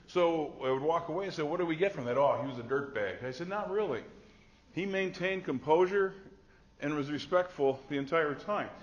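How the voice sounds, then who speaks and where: A man's voice: a little high, muffled recording. A middle-aged man, a nursing instructor, giving a classroom lecture in a conversational way, telling stories and acting out quoted remarks. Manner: conversational, storytelling with acted quotes.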